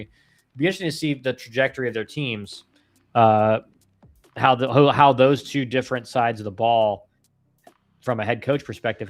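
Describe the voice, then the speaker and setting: A man hosting a casual live stream and answering viewer questions. He talks in a laid-back, rambling way with slang and many restarts. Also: mid-range voice. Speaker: live-stream host, former college ballplayer.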